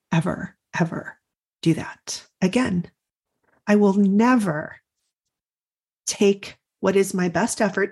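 A middle-aged woman hosts a podcast and speaks in a reflective, confessional tone, drawing out key words. Her voice is gravelly with a husky, breathy edge, sitting at an ordinary pitch for a woman. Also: a little mellow. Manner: earnest, confessional, slows for emphasis. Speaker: podcast host and coach. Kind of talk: reflective personal talk.

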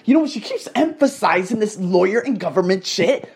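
Male podcast host, loose motivational ramble with swearing, voice swings high and low. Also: fairly quick. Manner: rambling, animated, swears freely, addresses listeners as guys. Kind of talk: motivational monologue, casual storytelling.

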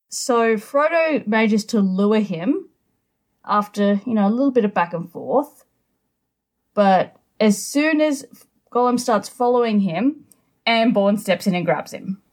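A woman's voice: mid-range voice, expressive, slow pace, pauses often, darkish tone. A woman co-hosting a casual book discussion, chatty, with exasperated asides about the characters. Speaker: podcast co-host.

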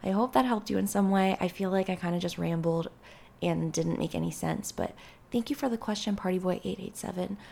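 A woman's voice: on the low side, fairly quick, vocal fry, darkish tone. A woman hosting a casual solo podcast, giving rambling, chatty advice full of "like" fillers.

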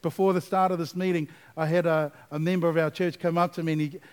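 A man's voice: fairly high pitch, little pitch movement, quick pace, darkish tone, clean tone. A man preaching a sermon as pastor, asking the congregation for responses and building to emphatic, repeated refrains.

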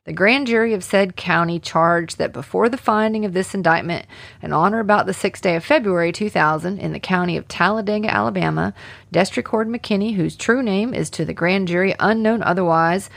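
A woman's voice: mid-range voice, gravelly, dry recording. Woman reading as a drawling Southern prosecutor. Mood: formal. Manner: formal, measured legal address. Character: male Southern district attorney, formal and earnest. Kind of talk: read courtroom opening statement.

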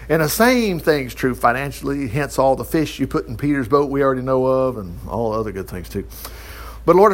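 A man teaching the Bible in a casual, chatty way, acting out the quotes and closing in prayer. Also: medium pitch. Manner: chatty, animated, acts out quotes. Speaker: pastor.

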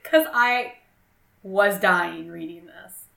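A woman's voice: mid-range voice, slow, creaky, pushed and bright. Woman, podcast co-host, enthusiastic book talk, roomy echo. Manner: enthusiastic, reads passages aloud. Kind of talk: casual book discussion.

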